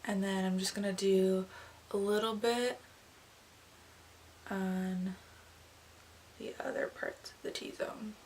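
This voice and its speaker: A woman's voice: medium pitch, steady tone, slow pace, long pauses. Chatty young woman giving a makeup tutorial. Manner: chatty, casual, filler-heavy with "um" and "like". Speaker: makeup artist. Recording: slightly distant mic with faint noise.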